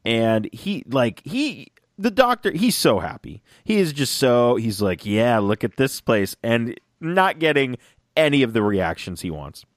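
A man in a casual fan chat, talking excitedly and rambling, often acting out lines in little voices. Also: mid-range voice, measured pace, no room sound, studio quality. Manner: excited, rambling, acts out quotes.

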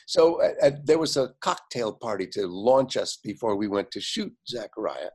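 An older man, a guest, telling anecdotes in an animated way, acting out other people's lines and often laughing. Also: medium pitch, normal speed, few pauses, breathy edge. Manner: animated storyteller, quotes others in lively voices, frequent fillers and laughs. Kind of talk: anecdotal storytelling.

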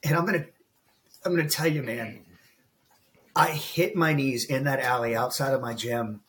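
In a candid podcast interview, a guest coach from the United States, about 40, calls the host bro while telling a personal story in an earnest, emotional way. His voice is medium-pitched and a bit bright at a moderate pace, with a little hiss or hum.

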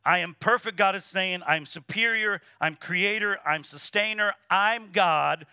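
A man's voice: high-pitched, unhurried, pushed and bright, smooth, no room sound, clean studio sound. A man preaching a sermon as pastor, emphatic and repetitive, calling on the congregation to answer back. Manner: emphatic preaching, repeats words, asks congregation to respond. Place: church sanctuary.

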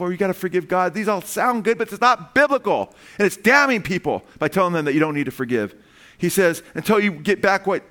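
Guy preaching a sermon, kinda high voice, chatty and emphatic, keeps asking the crowd stuff. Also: a bit bright. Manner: conversational, emphatic, asks the audience questions.

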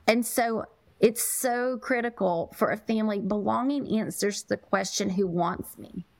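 A woman's voice: on the high side, normal speed, vocal fry, no echo. A woman guest in a podcast interview, talking earnestly and with emphasis, sometimes repeating her words. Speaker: podcast guest, parenting coach. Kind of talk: conversational interview.

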